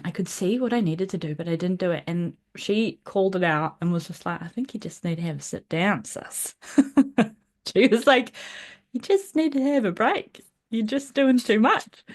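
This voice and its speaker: Aussie woman in her 30s podcasting, rambly and self-deprecating, laughs a lot, keeps restarting. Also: mid-range voice. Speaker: podcast host. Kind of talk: casual personal monologue.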